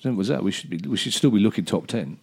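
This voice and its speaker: A man co-hosting a football podcast, giving measured, opinionated analysis in casual chat, often restarting his sentences. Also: on the low side, expressive, gravelly, breathy edge. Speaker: podcast co-host.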